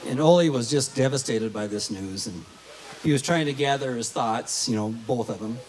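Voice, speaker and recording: A man giving a folksy, halting wedding toast at a reception, telling a joke with many fillers. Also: medium pitch, background noise. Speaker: wedding toast speaker, family of the bride.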